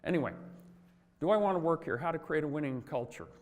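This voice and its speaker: A man's voice: on the high side, lively intonation, fast, long reverb tail. An older man giving a motivational talk on workplace culture, telling stories in a folksy way with asides.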